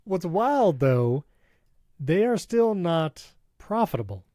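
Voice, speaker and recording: A man co-hosting a tech podcast in casual chat, upbeat and chatty, quick to laugh. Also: high-pitched, very animated, warm tone, dry recording. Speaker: podcast co-host.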